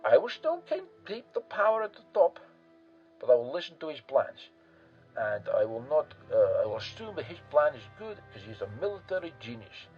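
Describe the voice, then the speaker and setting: A man's voice: fairly high pitch, wildly swooping pitch, normal speed, muffled recording, faint music behind. Man voicing a crude, cornered dictator. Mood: blunt. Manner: profane, blunt, casual. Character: crude panicking male dictator handing over command.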